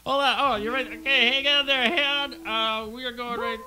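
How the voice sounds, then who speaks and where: A man's voice: very high voice, steady tone, normal speed, bright, forceful tone. A man hosting a kids' tech podcast, jokey and a bit distracted, fumbling with the gear and apologizing as he goes. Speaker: podcast host and producer. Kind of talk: casual podcast chat.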